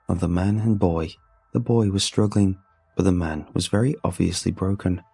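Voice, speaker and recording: A man reads a first-person horror story at a steady, measured pace. His voice is very deep and gravelly, with a husky, dark tone. Faint music plays beneath him. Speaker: narrator.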